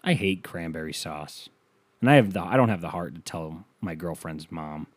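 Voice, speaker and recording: A man's voice: sits low, moderate pace, dry recording. A man hosting a podcast, delivering a sarcastic, ranting comedic monologue and acting out the people he quotes. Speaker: podcast host.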